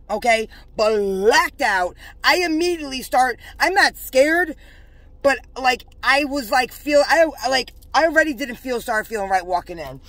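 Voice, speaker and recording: A woman's voice: high-pitched, a bit bright, dry recording. A woman telling a story in a vlog. She is fervently religious, agitated and rambling, and uses many fillers. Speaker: religious vlogger.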